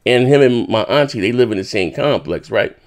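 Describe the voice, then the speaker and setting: A man hosting a podcast in casual chat, rambling and swearing as he retells a dispute with animated indignation. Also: mid-range voice, fairly quick. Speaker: podcast host.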